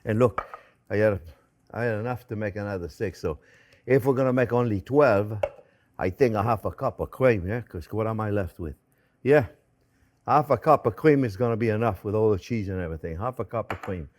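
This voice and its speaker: A man's voice: on the low side, fairly quick, a little mellow. A middle-aged man hosting a cooking demonstration as a chef. He is talkative and jokey and calls his viewers friends. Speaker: chef and cooking show host.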